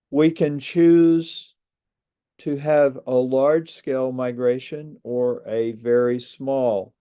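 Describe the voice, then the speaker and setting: Male speaker, mellow low-key tone, unhurried and earnest, reflective presentation talk. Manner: measured, earnest, with pauses. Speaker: speaker on space migration. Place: lives outside a large US city.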